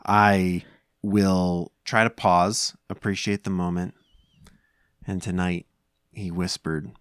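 A man's voice: low-pitched, steady tone, slow, smooth, dry recording, clean studio sound. A man in his thirties co-hosting a podcast, talking casually at home in a rambling way, full of fillers and restarts. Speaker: podcast co-host. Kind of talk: casual chat.

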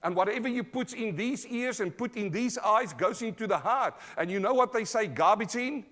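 A man with an Australian accent preaching a sermon live in church, emphatic, calling out to the congregation, swinging from loud to quiet. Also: high voice, expressive, moderate pace. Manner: emphatic, call-and-response preaching. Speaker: pastor.

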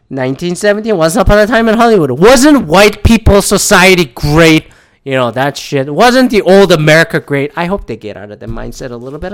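Lively, profane male podcast host. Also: a little high. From Canada. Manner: profane, rambling, wry. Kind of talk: casual solo podcast movie talk.

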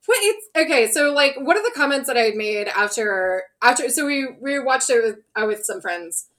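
A woman chatting casually with friends, animated and profane, full of fillers and restarts. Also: fairly high pitch, normal speed. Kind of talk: casual podcast chat.

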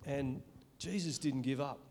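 A middle-aged Australian man giving an earnest, emotional spoken testimony in church, halting and restarting as he speaks. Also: medium pitch, a little mellow.

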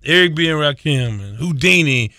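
A middle-aged man hosting a casual sports podcast, animated and self-deprecating, laughing often as he talks. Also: fairly high pitch, moderate pace, no echo. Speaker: podcast host.

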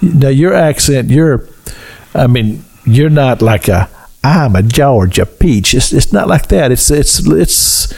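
A man with a Kentucky accent hosting a casual interview, chatty and quick to laugh, often repeating words. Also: medium pitch, expressive, gravelly, a little mellow. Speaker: host.

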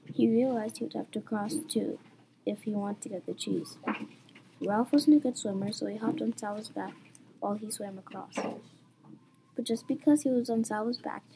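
A young woman reading a story aloud in a plain, even storytelling way. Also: mid-range voice, noisy background. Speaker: story reader.

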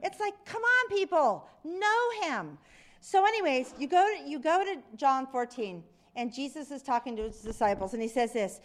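A woman's voice: sits high, normal speed. A middle-aged woman preaching a conversational sermon, telling stories and acting out quotes. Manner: conversational preaching, lively storytelling with acted quotes.

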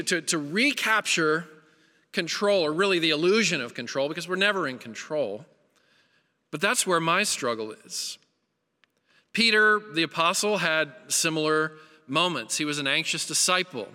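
In an animated sermon at normal speed, a pastor speaks with an earnest, emphatic, bright and forceful voice, a bit high for a man. The hall gives a long reverb, and he reinforces his points through repetition.

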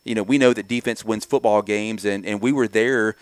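A lower-voiced man breaks down football in a fluent, colloquial way, working through comparisons. His voice is smooth and clear. The recording is dry and close. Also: fairly even intonation, fairly quick, dry recording. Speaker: sports analyst. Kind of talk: casual sports talk.

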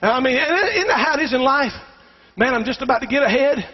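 A middle-aged male pastor delivers a sermon with emphatic fervor, urging the congregation to respond. His voice is very high for a man, husky, animated and a little fast. The recording is dull and muffled, with long hall reverb from the church sanctuary.

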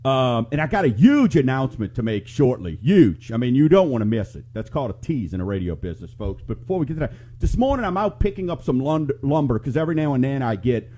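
A man's voice: medium pitch, very animated, fast, few pauses, dark tone. Chatty man hosting live talk radio. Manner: chatty, rambling storyteller. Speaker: radio show host and mortgage lender.

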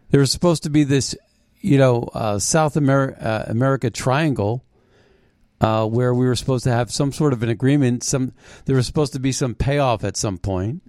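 Man, political commentary host, mocking tone, halting restarts, middle pitch, dry close sound. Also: a little mellow, dry recording. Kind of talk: opinionated commentary monologue.

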